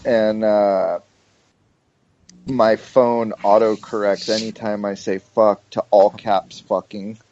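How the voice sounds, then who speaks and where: Slow-talking man, laid-back podcast guest. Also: lowish voice, flat delivery, a little mellow, highs cut off, slight background noise. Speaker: podcast panelist. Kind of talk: casual podcast chat.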